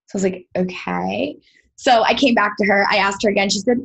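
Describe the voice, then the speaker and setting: A woman's voice: a little high, fast, gravelly, husky, rough recording. A woman guest on a podcast, earnestly telling a personal story and acting out quoted dialogue. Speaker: podcast guest, sound healer.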